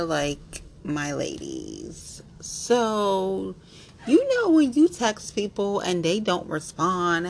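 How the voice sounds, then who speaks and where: A woman's voice: medium pitch, gravelly, a little hiss or hum. A young woman hosting her own podcast, venting bluntly and a little pettily in a casual monologue full of slangy asides. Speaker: podcast host.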